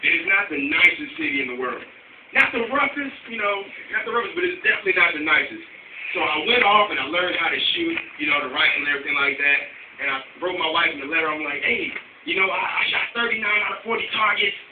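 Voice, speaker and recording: A man performing a stand-up comedy routine before a live audience, telling stories and jumping into loud acted-out voices. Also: on the high side, expressive, fast, narrow, tinny audio. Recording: roomy live audio from far off with noise.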